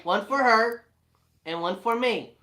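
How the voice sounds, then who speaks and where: A man, telling homestead stories in a casual, animated, laughing way. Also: high voice, a little slow, a crowd in the background. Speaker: family homesteader, co-host. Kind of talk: casual storytelling chat.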